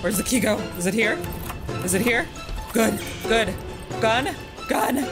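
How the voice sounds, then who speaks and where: A young woman playing a horror game, talking to herself and shrieking when startled, then hushing to a mutter while hiding. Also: medium pitch, unhurried, pauses often, music in the background. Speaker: gaming streamer. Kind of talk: horror game playthrough commentary.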